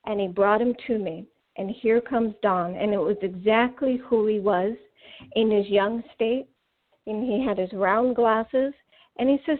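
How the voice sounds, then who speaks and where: A woman guest telling a personal story in an earnest, animated way. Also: medium pitch, moderate pace. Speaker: guest author. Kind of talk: casual storytelling over phone. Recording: tinny phone line.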